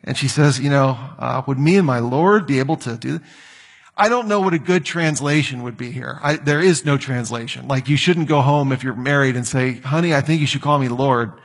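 A man's voice: mid-range voice, fairly quick, gravelly. A man preaching a sermon, reading scripture and breaking into joking asides. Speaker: pastor.

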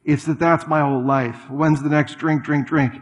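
Middle-aged male preacher, relaxed and conversational from the pulpit, voice a little higher than most. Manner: conversational preaching with asides and quick repetitions. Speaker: pastor. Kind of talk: sermon.

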